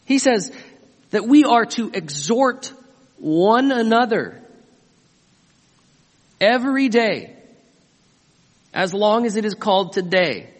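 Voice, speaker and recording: Emphatic high-voiced male pastor preaching. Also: big pitch swings, slow pace, pauses often, long reverb tail. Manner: emphatic, asks the congregation questions. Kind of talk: sermon.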